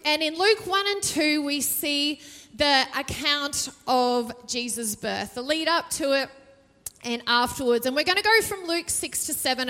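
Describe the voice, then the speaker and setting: Woman pastor, jokey and conversational, high voice, reverberant hall sound. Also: fairly bright tone. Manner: chatty and jokey, asks the audience questions. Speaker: preacher. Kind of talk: sermon. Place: church stage.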